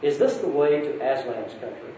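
A man's voice: mid-range voice, expressive, moderate pace, dark tone, close to an everyday voice. An earnest young girl begs, near tears, as a man reads her lines in a raised voice. The sound is muffled and far off, with a strong echo. A faint hiss lies underneath. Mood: pleading. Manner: pleading. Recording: echoey distant lo-fi recording.

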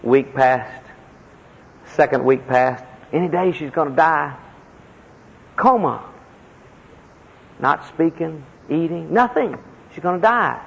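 A man preaching a sermon as a personal story, impassioned, with sudden leaps in pitch and heavy emphasis. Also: expressive, takes it slowly, vocal fry, long pauses, husky. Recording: echoey hall, dull lo-fi sound.

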